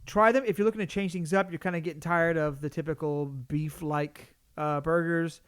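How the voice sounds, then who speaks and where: Guy cohosting a chill podcast, kinda high voice, rambly, dry close mic. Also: fairly even intonation, normal speed, clean tone, no room sound. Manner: rambling, full of restarts and fillers. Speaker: podcast co-host. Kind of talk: casual podcast chat.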